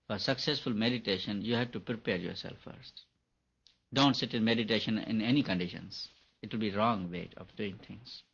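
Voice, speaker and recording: Male spiritual teacher, husky voice, emphatic and repetitive, dull lo-fi recording. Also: on the low side, moderate pace, fairly bright tone. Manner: earnest, repetitive and emphatic, laughs at his own points. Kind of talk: meditation lecture to an audience.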